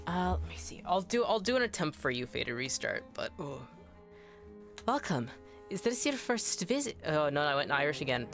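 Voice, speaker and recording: Gushing, chatty game streamer. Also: mid-range voice. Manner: excitable and chatty, gushing, trails off and restarts. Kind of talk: casual live gameplay commentary.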